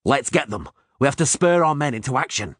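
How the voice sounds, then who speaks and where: A man's voice: medium pitch, big pitch swings, fairly quick, a bit bright, no room sound, studio quality, voice pushed up. A man voicing a grim, hardened male monster hunter who speaks curtly through clenched teeth.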